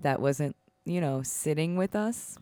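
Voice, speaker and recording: A woman's voice: deep voice, unhurried, dark tone, dry recording. A young woman co-hosting a podcast, teasing with dry sarcasm in casual banter. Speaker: podcast co-host.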